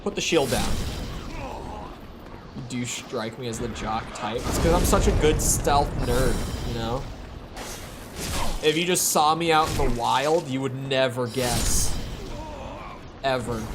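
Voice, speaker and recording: Slow-talking man streaming a game. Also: mid-range voice, background noise. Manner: rambling, self-correcting, chatting to viewers. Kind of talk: live gameplay commentary.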